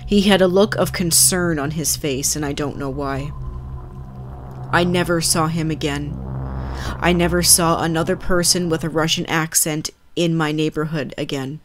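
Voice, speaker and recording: Low-voiced woman reading scary stories. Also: steady tone, moderate pace, noisy background. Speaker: narrator. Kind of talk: scripted narration of scary stories.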